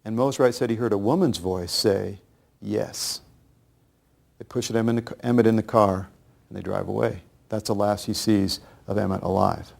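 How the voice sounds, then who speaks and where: Gravelly-voiced man telling history. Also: on the low side, steady tone, a little mellow. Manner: grave, measured storytelling with acted quotes. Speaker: speaker recounting history. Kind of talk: storytelling lecture.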